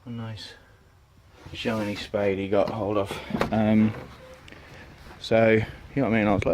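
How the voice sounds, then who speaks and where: Low-voiced man rambling outdoors. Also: level tone, normal speed, darkish tone, slight background noise. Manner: rambling, chatty, lots of ums and "you know what I mean". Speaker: allotment vlogger. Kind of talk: casual walk-and-talk vlog. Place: outdoors on an allotment plot.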